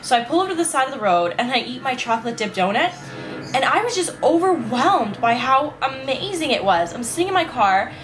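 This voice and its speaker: A woman's voice: high voice, sing-song, brisk, over music. A young woman vlogging at home right after waking up, with a morning voice, talking casually and rambling, saying "like" and "you know" a lot. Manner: chatty, rambling, says "like" and "you know" often. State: morning voice, just woke up. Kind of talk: casual vlog monologue. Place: at home, indoors.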